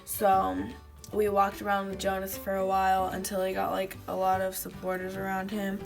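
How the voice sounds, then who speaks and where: A woman's voice: mid-range voice, monotone, moderate pace, gravelly, faint music behind. A woman vlogger chatting casually to camera, rambling with lots of fillers. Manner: rambling, fillers of "like", acts out quotes.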